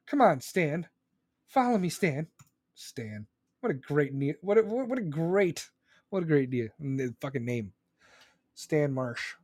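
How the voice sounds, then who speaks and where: Male podcast host, high voice, rambling profane rant, dry close mic. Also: no room sound. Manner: loud, profane and rambling, with sudden pitch jumps. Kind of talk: live podcast venting monologue. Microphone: close studio microphone.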